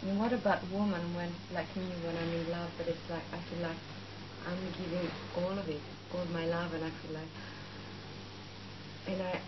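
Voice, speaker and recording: A woman speaks up from the audience, unsure and searching for her words in a language that is not her first. Her voice sits fairly low. The old tape is muffled and has a clear hiss. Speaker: audience member asking a question. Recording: muffled live talk tape, audible hiss.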